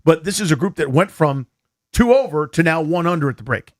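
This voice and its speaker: A man hosting a sports talk radio show, talking fast and animated and taking calls. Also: on the high side. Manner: animated, rapid, takes calls. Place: radio studio.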